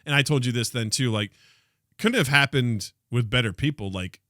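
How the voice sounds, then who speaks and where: A man co-hosting a podcast, telling a story in casual chat and acting out the quotes with lively jumps in his voice. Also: mid-range voice, moderate pace, no echo, studio quality. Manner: animated storyteller, acts out quotes. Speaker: podcast co-host.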